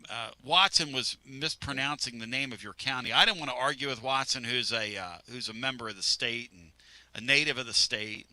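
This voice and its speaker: A man's voice: mid-range voice, fairly quick, sharp tone, no echo. A man hosting sports talk radio in a studio, rambling and joking.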